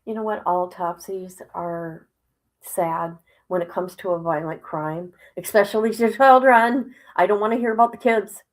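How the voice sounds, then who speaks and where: A woman hosting a casual livestream, reading a report aloud haltingly and breaking off with exclamations and asides to her viewers. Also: mid-range voice, rough recording. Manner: drops into whispers at times. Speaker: livestream host.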